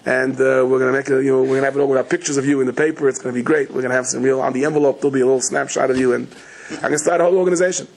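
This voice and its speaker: A middle-aged man giving a sermon as a rabbi, telling stories in a rapid, chatty, joking way. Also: mid-range voice, fairly even intonation, creaky, low-quality recording. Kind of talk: sermon with humorous storytelling.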